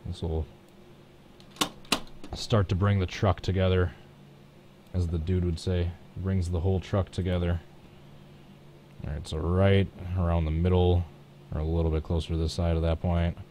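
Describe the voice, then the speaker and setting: A man with a low, mellow voice talks casually into a desk microphone, thinking aloud as he works. He is relaxed and a little self-deprecating, narrating each small step for a live stream audience. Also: moderate pace, long pauses, a little hiss or hum. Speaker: live streamer painting a race truck. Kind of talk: casual thinking-aloud commentary while working.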